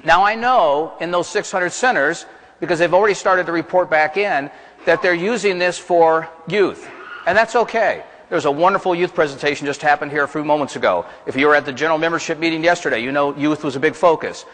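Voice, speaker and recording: In a reverberant conference hall, a Southern American man delivers a plain-spoken, folksy seminar, putting questions to the audience along the way. His voice is fairly high, fairly quick, and a bit bright.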